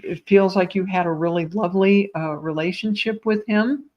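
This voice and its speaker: A woman giving live psychic readings to online viewers in a gentle, reassuring way, calling them sweetheart and my dear. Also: medium pitch, steady tone, normal speed, highs cut off. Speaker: psychic medium.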